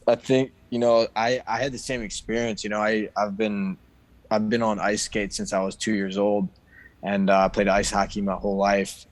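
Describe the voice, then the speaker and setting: A young man speaks in a low, flat tone that barely rises or falls, talking in a laid-back way full of fillers. The sound is dry and close to the mic, with no room around it. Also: dry recording. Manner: easygoing, many fillers and laughs. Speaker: podcast guest, ice cross athlete. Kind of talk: casual podcast chat.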